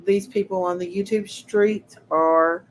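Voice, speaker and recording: A woman's voice: mid-range voice, steady tone, measured pace, slight background noise, poor audio. A woman hosting a casual livestream, talking to her chat viewers and sounding indignant. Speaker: livestream host.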